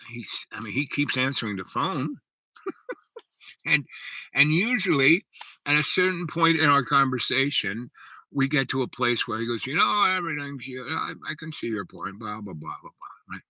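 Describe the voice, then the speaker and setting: An older man hosts a livestream show, reading viewer comments and digressing freely with lots of fillers and "right?" His medium-pitched voice is bright and forceful, with no room sound, on a low-quality recording.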